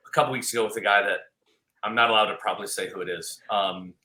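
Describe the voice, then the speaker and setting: Bright-voiced man in an echoey room. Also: fairly low pitch, fairly even intonation, quick pace. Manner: rambling, emphatic storyteller. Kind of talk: casual golf chat.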